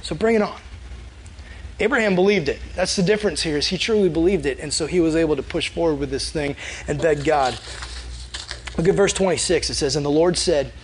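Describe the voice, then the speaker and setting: A man's voice: a little high, fairly quick, a little hiss or hum, poor audio. A young man preaching a casual, conversational sermon as a youth pastor, often acting out prayers in a quoted voice.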